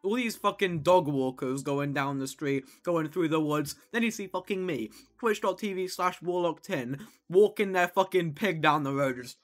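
A man's voice: on the high side, moderate pace, few pauses. A male streamer joking crudely and rambling while playing a game with a friend. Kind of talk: casual gaming banter with a friend.

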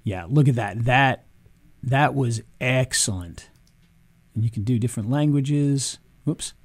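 A man casually reviewing software on screen, chatty, with frequent ums and restarts. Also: mid-range voice, measured pace, no echo. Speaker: video marketing reviewer.

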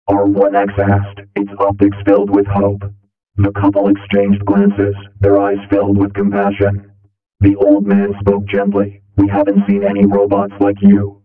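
A man narrating a calm bedtime story in a slow, soothing, even manner. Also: on the low side. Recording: echoey tinny distant line, music.

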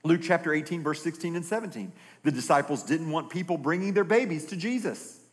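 An American pastor delivers an animated sermon, his voice high and swinging widely in pitch. He acts out bible characters in raised voices. The sound rings with the long reverb of a church hall. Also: brisk.

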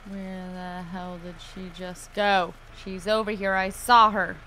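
A woman giving playful, excitable gameplay commentary, swearing freely and shrieking at the game. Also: medium pitch, slow pace. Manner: playful sing-song greetings to other players. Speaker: gaming video creator.

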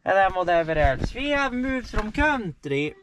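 A man's voice: high voice, sing-song, unhurried, a bit bright. A tired man streaming himself as he works on his car, chatting casually and swearing a lot as he rambles through what he is doing. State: tired, yawning. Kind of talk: casual livestream chat while doing car repairs.

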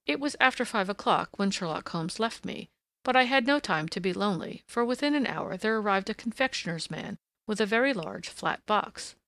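A woman narrating a classic detective story for an audiobook, in a steady storytelling manner. Her voice has a gravelly texture and sounds close and dry. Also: mid-range voice, normal speed, no room sound.

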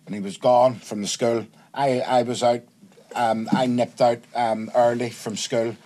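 A man guesting on a casual podcast tells school stories in a medium-pitched voice, speaking a little slowly. His storytelling is animated, he swears freely, and he acts out the voices of people he quotes.

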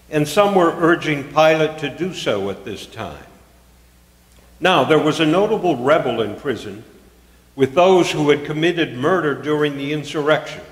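A man reading scripture aloud at a church service in a measured, solemn way, raising his voice for the shouted lines. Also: on the high side. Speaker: scripture reader. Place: church sanctuary. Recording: echoey church hall.

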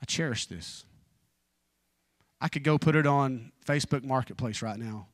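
In a dry recording with no room sound, a fortysomething man preaches at an evening church service at a normal pace. He tells personal anecdotes casually, tosses in jokes, and turns low and fervent during prayer.

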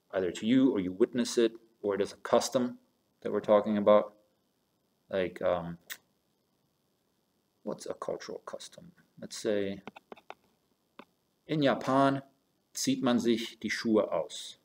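A man with a lowish, slightly mellow voice walks "you guys," his students, through German grammar in a recorded lesson, moving step by step between German and English phrases.

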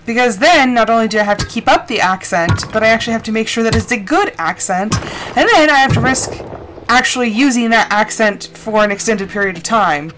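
A woman's voice: a little high, expressive, fairly quick, background noise. A young adult woman chatting casually and rambling while she live-streams a farming game, with lots of fillers. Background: game music.

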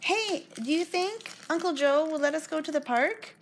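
A young girl acts out a playful toy story at home in a very high voice. Her pitch swings widely as she giggles her way through it. A steady hiss runs under the recording. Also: normal speed. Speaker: toy show host. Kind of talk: toy play-acting.

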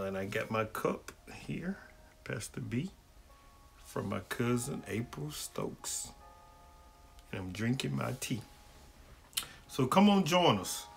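A man's voice: mid-range voice, gravelly, a bit bright. A man, a pastor hosting a livestream question-and-answer session and greeting viewers by name in a folksy way. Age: adult, married.

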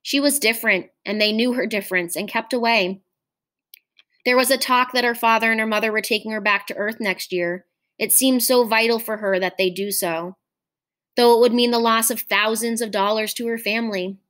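A woman teacher reading a short story aloud in a measured, expressive storytelling manner. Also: a little high.

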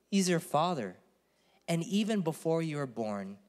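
Earnest pastor man, emphatic and fairly high. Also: big pitch swings, takes it slowly, darkish tone, big-room sound. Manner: earnest, emphatic, calls on the congregation to repeat words. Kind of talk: conversational sermon dialogue. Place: church.

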